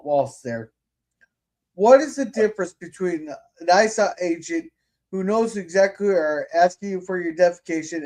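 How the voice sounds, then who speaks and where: A man's voice: high-pitched, a little mellow. A man hosting a podcast in heated casual political chat, indignant, swearing, and stumbling over restarts. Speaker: podcast host.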